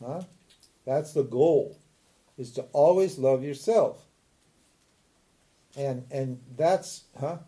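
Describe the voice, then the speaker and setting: A man giving a spiritual talk on scripture, who keeps asking his listeners rhetorical questions and tossing in a quick "huh?" while he chuckles. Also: medium pitch, mellow, husky. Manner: chuckles often while explaining. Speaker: spiritual teacher.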